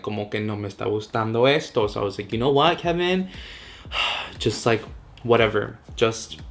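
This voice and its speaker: A man's voice: mid-range voice, creaky, noisy background. Twenty-something dude ranting through a storytime vlog, cussing nonstop, tons of "like," acting out his reactions. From Southern California. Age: 20s. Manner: swears constantly, fillers like "like", mixes in Spanish; animated, acts out his own reactions in quotes. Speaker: vlogger.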